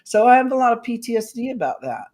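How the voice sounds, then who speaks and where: A woman's voice: fairly high pitch, big pitch swings, fast, a little mellow. A woman guest on a talk show, telling an emotional personal story and acting out the voices of the people in it.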